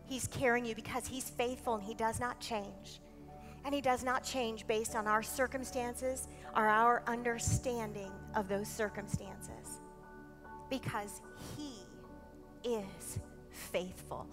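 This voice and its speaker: A woman pastor preaching a sermon in a church service, earnest and emphatic, often dropping soft and then swelling loud. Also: a little high, fairly even intonation, slow pace, music in the background. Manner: earnest, emphatic, swinging between quiet and loud.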